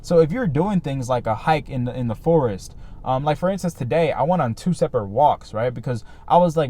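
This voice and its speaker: A man's voice: medium pitch, expressive, brisk, warm tone. A man talking casually to his viewers in a vlog, earnest and rambling, with many fillers and "right?" tags. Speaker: vlogger. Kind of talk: casual reflective talk to camera.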